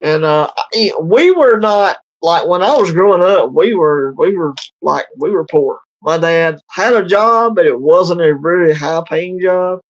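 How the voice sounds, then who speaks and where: High-voiced Southern man, rambling chat. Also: animated, unhurried, hardly any pauses. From Louisiana. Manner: rambling, drawling, heavy on fillers. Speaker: livestream co-host. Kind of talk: casual chat. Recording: lo-fi livestream audio.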